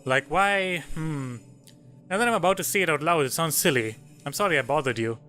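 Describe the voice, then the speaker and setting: A man's voice: on the high side, a little fast, sharp tone. A man voicing a young woman detective in his own plain voice, reading her lines in a hesitant way, with faint game music behind. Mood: unsure.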